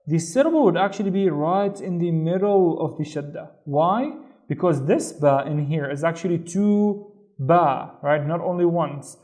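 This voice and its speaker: A man with a Saudi Arabic accent teaches a beginner lesson, patiently going step by step and often checking in with "right?". His voice is on the high side and mellow.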